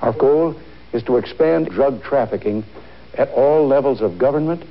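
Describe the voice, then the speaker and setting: A man in a comic spliced recording playing a president who reads a twisted anti-drug speech in a measured, folksy delivery. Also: mid-range voice, lightly acted. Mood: deadpan. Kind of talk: spliced comedy audio collage. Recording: dull lo-fi archival audio.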